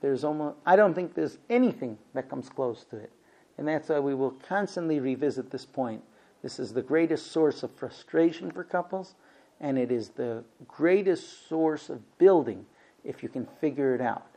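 Animated man teaching a marriage class. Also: fairly high pitch, moderate pace. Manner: animated, acts out both sides of conversations. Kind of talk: lecture on marriage.

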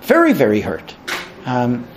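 A man giving a lecture, animated, acting out quoted exchanges in raised voices. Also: mid-range voice, a little slow, a little hiss or hum. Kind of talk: spoken lecture to an audience.

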